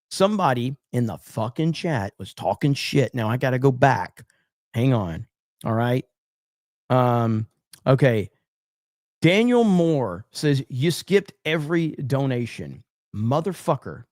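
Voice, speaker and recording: A man's voice: mid-range voice, sing-song, takes it slowly, a little mellow, no room sound, studio quality. Profane man hosting a livestream. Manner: profane, blunt, mock-angry banter with chat. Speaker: livestream podcast host. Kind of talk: casual livestream chat reading donations.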